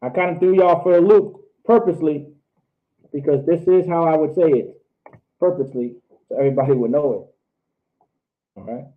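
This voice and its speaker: Male instructor running a class, repeats each phrase slowly; thin, phone-line audio. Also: fairly high pitch. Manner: repetitive, drills phrases slowly syllable by syllable. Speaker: language teacher. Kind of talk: online class lecture.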